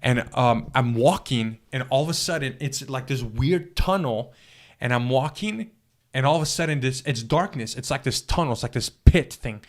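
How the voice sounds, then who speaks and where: An earnest man tells his story in an interview, pausing, repeating himself and starting over. His voice sits at an ordinary middle pitch. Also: animated. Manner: earnest, halting storytelling with many restarts and fillers. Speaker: guest telling his testimony. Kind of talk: personal spiritual testimony in an interview.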